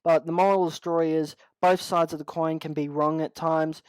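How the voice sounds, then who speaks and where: A man's voice: on the high side, flat delivery, brisk, clean tone, no room sound, rough recording. A young man with an Australian accent, upset, ranting in a vlog monologue, swearing constantly and restarting his sentences. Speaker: channel host.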